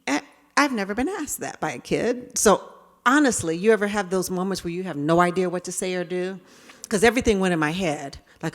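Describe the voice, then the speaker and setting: Middle-aged woman speaker, animated storyteller, mid pitch. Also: brisk, long reverb tail. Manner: animated, acts out quotes. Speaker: speaker on implicit bias. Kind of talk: storytelling talk to an audience.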